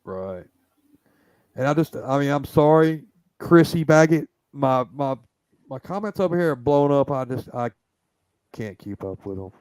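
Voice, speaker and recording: A man's voice: mid-range voice, expressive, normal speed, long pauses, a little mellow, smooth, no room sound. A man with a Southern American accent hosting a casual live-stream chat, rambling with lots of restarts. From Southern United States. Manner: rambling, chatty, many restarts. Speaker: host.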